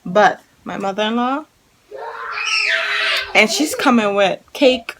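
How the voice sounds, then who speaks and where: Jamaican mom in her 30s vlogging at home, slow and rambly, repeats stuff. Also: medium pitch, lively intonation, heavy background noise. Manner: rambling, repeats herself, talks in bursts with sudden loud calls. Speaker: family vlogger. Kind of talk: casual vlog chat to camera. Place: at home, indoors.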